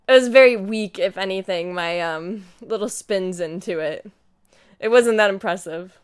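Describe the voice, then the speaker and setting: With a medium-pitched, clean-toned voice, a young woman in her twenties talks casually to her stream audience and tells a story, playing out what she and her friends said.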